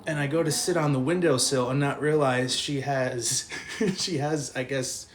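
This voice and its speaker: A man's voice: mid-range voice, normal speed. A man telling a rowdy anecdote in casual talk, laughing often and swearing freely.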